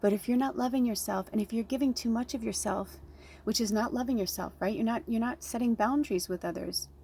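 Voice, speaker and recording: A woman's voice: on the high side, a little fast, darkish tone, slight background noise. A woman speaking as a spiritual medium, earnest and heartfelt, blunt and swearing freely, close to tears. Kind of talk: emotional direct-to-camera talk.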